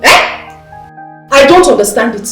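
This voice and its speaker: An actress with a Nigerian accent playing a scheming, sharp-tongued royal wife who mocks and presses with pointed questions. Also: female voice, sits high, very animated, moderate pace. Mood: shocked. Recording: roomy echo, mic at a distance, faint music.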